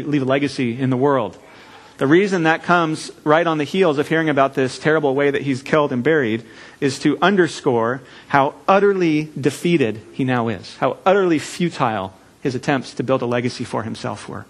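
A man preaching a sermon in a church, earnest and measured, with deliberate pauses. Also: mid-range voice. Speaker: pastor.

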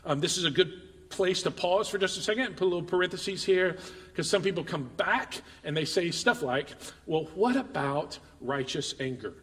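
Male pastor, chatty sermon style, stumbles and repeats, high voice, echoing sanctuary. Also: a little fast, fairly bright tone. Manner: conversational, repeats words, addresses congregation directly. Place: church sanctuary.

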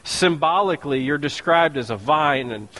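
A man preaching a sermon in a joking, conversational way, full of quick asides. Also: a little high, lively intonation, bright, forceful tone. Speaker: pastor. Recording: long hall reverb.

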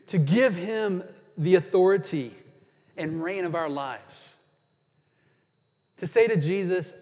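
A man preaching a sermon as pastor, earnest, slowing down dramatically when he quotes scripture. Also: high voice, a little mellow. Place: church sanctuary. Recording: church hall reverb.

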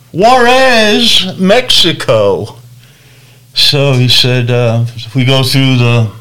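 A man preacher telling a personal story in a lively, animated way, acting out the voices of people in it. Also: medium pitch, clear, resonant tone. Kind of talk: storytelling testimony.

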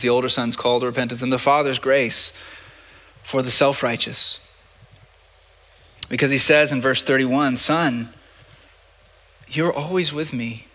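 A man's voice: medium pitch, bright, forceful tone. A male pastor preaching a sermon in a conversational way, often stumbling and repeating words. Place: church sanctuary. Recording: long reverb of a church hall.

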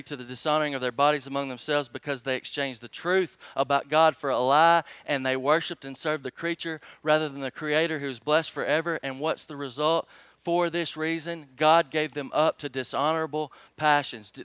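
A man's voice: on the high side, fairly even intonation, brisk, smooth, dry recording. Emphatic man preaching a sermon. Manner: emphatic preaching, rising and loud when reading scripture; rhetorical questions to the congregation. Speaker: pastor.

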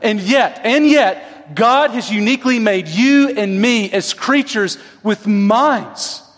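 A man preaching a sermon in a conversational way, often checking in with his listeners through quick tag questions. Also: high voice, fairly bright tone. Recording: long reverb of a large hall.

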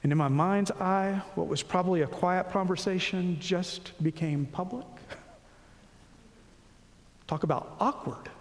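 High-voiced man preaching in a reverberant hall. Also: unhurried, long pauses. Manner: expressive preaching, acting out quoted voices. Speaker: pastor. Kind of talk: sermon.

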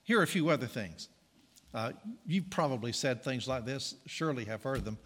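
A man preaching a sermon in a relaxed, conversational way, stopping to correct himself and slip in jokey asides. His voice sits at an ordinary middle pitch, and a long hall reverb trails behind each phrase. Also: moderate pace, a little hiss or hum. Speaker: pastor.

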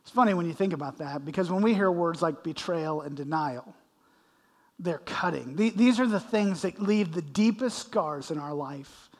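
A man's voice: on the high side, lively intonation, moderate pace. A male pastor preaching, explaining scripture verse by verse and acting out the quoted lines with emphasis. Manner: expository preaching with dramatic readings of scripture. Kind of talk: sermon. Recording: long reverb of a large hall.

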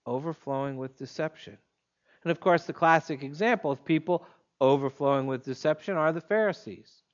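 A man preaching an expository sermon in a measured, emphatic way, leaning on pointed pauses. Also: a little high, muffled recording.

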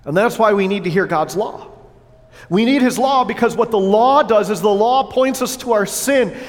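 A pastor preaching a sermon in a church, earnest but breaking into playful asides to the congregation on a wireless mic. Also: male voice, high voice, moderate pace. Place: church sanctuary. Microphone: wireless headset or lapel mic with battery pack. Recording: long church hall reverb.

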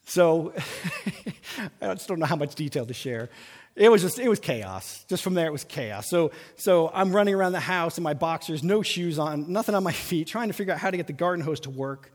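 A pastor preaching a sermon, telling a personal story in an animated way and acting out the people in it. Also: male voice, on the high side, fairly quick, long reverb tail. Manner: animated storyteller, acts out voices in the tale.

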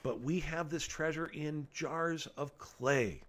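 An earnest man delivers a sermon, reading passages aloud and then explaining them. His voice sits a little higher than most men's. He leans on key phrases and repeats them for weight. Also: slow pace, fairly bright tone. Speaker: preacher.

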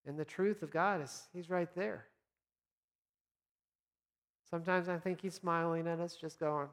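A man speaking as a pastor, giving an earnest, encouraging devotional talk for Lent with gentle pauses. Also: a little high, fairly even intonation, big-room sound.

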